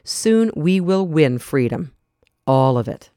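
A reader doing calm, dignified John. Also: medium pitch, takes it slowly, dry recording, studio quality. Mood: composed. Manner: quiet determination, polite.

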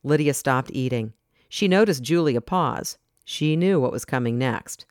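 A narrator reading a storybook in a steady, clear way. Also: medium pitch, a little slow, dry recording, studio quality.

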